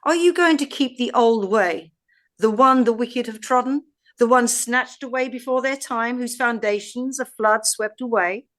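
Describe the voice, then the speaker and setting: A woman with an English accent, co-hosting a podcast and reading scripture aloud in a measured, deliberate way. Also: on the high side, fairly bright tone. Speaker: podcast co-host.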